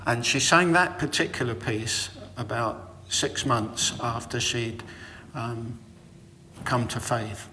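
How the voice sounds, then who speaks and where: A middle-aged man delivering a reflective, sermon-style talk that runs on personal anecdotes. He speaks very slowly and deliberately, with a voice of middling pitch, over a faint ambient hiss. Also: steady tone, pushed and bright, big-room sound.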